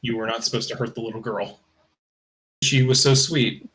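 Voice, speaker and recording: A man's voice: mid-range voice, fairly even intonation, moderate pace, pushed and bright, slight background noise. Casual male game master narrating. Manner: casual, loose narration with fillers like "kinda" and "uh".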